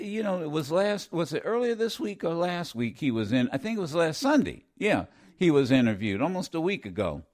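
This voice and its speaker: Rambling, animated radio talk show host, man. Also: medium pitch. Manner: rambling, many fillers and restarts; blunt and opinionated.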